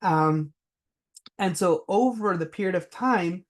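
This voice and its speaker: A man's voice: high voice, slow pace. A man giving a business talk, telling anecdotes with frequent fillers. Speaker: presenter.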